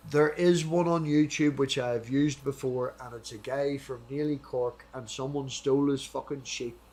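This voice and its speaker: An Irish man hosting a loose, casual debate. His talk is chatty and meandering, peppered with swearing and side tangents, and he slows right down when reading old scripture aloud. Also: mid-range voice, fairly even intonation, darkish tone. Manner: rambling, swears freely, goes off on tangents. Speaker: host.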